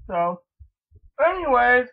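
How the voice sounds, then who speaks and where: A man's voice: very high-pitched, sing-song, slow, gravelly, phone-quality sound. A man vlogging from home, ranting and venting in a rambling, profane way and repeating "I mean, literally.". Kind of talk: angry personal venting.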